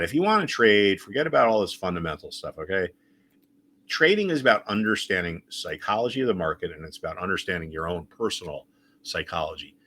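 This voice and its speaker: A man's voice: deep voice, fairly bright tone. A man teaching a chart lesson on a screen share, speaking emphatically and repeating his key points. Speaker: trading educator.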